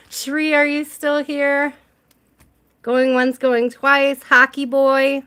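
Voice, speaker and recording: This tarot reader speaks slowly in a high-pitched, expressive voice with a bright, forceful tone. Hosting a livestream, the American woman chats with her audience, calls out viewer names, and laughs a lot.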